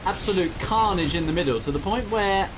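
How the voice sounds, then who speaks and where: A man's voice: high voice, brisk, background noise. A man, casting a strategy game tournament in a chatty, laughing commentary style. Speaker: game caster. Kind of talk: casual esports commentary.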